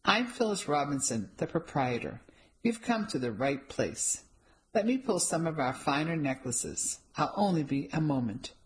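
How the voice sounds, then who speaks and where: A woman voicing a blunt, dramatic jeweler of about fifty who has a gravelly voice and a haughty manner. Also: low-pitched, big pitch swings, normal speed, rough recording. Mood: businesslike. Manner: haughty, dismissive. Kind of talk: audiobook character reading.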